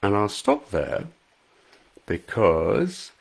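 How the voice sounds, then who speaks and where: Sex: man. Role: author reading his own book. Style: live-streamed reading, chatty. Pitch: low. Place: home front room. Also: big pitch swings, extremely slow, vocal fry, husky. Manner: chatty, laughs easily.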